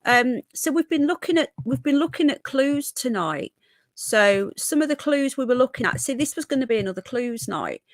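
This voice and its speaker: Chatty woman with a soft Brummie accent. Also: high voice, animated, moderate pace, no room sound, clean studio sound. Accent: toned-down Birmingham with a bit of Yorkshire. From Birmingham, England. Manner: chatty, rambling, reads out viewer comments. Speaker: livestream host. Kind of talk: casual live-stream chat reading comments.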